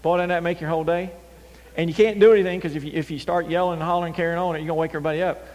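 High-voiced animated male preacher. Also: very fast. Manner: animated, swinging from loud emphasis to near-whispers. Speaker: pastor. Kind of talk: sermon. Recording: long hall reverb.

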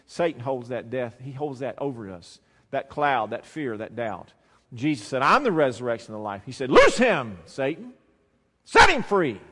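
A man preaching a sermon, swinging between quiet, low passages and loud, emphatic lines. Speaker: pastor. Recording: long hall reverb.

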